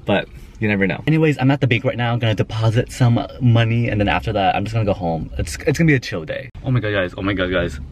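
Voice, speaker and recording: Young male vlogger, gushy and excitable, nervous energy, light background hiss. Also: fairly low pitch, fast. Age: young adult. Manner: excitable, gushing, lots of "oh my God". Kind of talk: casual vlog talk to camera.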